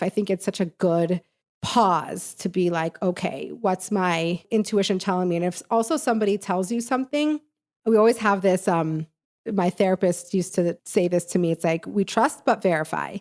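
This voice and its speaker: A woman hosting a podcast, responding effusively to listener messages with many fillers. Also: mid-range voice. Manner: warm-hearted and effusive, lots of filler words. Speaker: podcast host. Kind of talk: podcast commentary.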